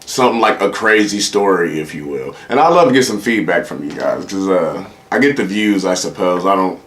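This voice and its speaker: Low-pitched, animated and fairly bright, this man speaks fairly quickly as host of a casual solo comedy podcast. He rambles profanely, addresses listeners directly, and performs quoted voices; the room is echoey with faint ambient noise.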